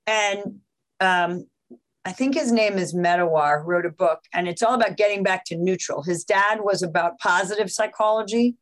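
A woman from New York, a physician guest in a podcast interview, explaining things in an animated way with examples and quotes. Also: mid-range voice, moderate pace, poor audio.

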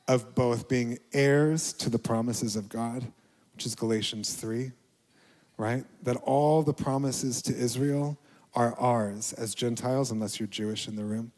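A middle-aged male pastor giving a reflective, confessional sermon, with quiet dips to near a whisper. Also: medium pitch, long reverb tail.

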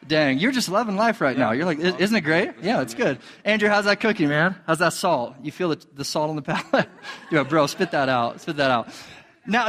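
A young man preaching to a young audience, joking and hyping the crowd while he runs a stage demonstration. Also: high-pitched. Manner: energetic, joking, hypes the crowd. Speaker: youth pastor. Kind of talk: sermon with a live stage demonstration. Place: large hall with a live audience. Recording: long hall reverb.

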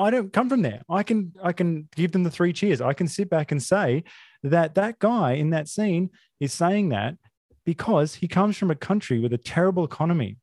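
A man's voice: a little high, a little mellow, no echo, studio quality. A man who is not American, a podcast host talking about a film in an opinionated, rambling way, with many fillers. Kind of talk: casual film chat.

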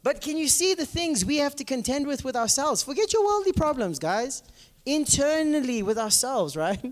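A male pastor preaches in an animated, conversational way, often checking in with his listeners. His voice sits high and swings widely in pitch. It carries a long reverb, as if in a large hall. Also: moderate pace. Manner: animated, asks congregation often, many fillers. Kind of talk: conversational sermon with stories.

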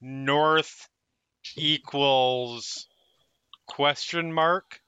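A man's voice: fairly high pitch, steady tone, drawn-out words, sharp tone, clean tone, dull audio. A man playing a tabletop game, talking casually and hesitating as he stumbles over his words. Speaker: player.

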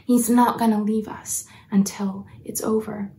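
A woman preaching a sermon in an earnest, encouraging way, at times dropping to a soft near-whisper. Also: medium pitch, level tone, measured pace.

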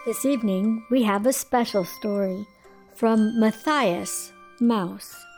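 A woman hosting a children's bedtime story hour, addressing the young listeners in a gentle, cozy way. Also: on the high side, takes it slowly, faint music behind.

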